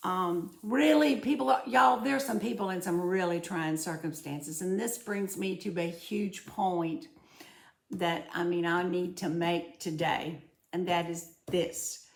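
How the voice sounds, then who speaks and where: A woman's voice: lowish voice, measured pace, creaky, reverberant. A woman with a Southern accent hosting her own channel, chatting heartfelt and folksy to her viewers. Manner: folksy, heartfelt, often says y'all. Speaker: host of a home budgeting channel. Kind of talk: casual chat to viewers.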